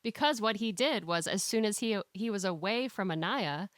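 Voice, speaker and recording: A woman's voice: mid-range voice, expressive, moderate pace, dry recording, clean studio sound. A woman co-hosting a podcast, recapping a reality show in earnest, emotional casual chat. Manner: emotional, earnest, emphatic agreement. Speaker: temporary podcast co-host.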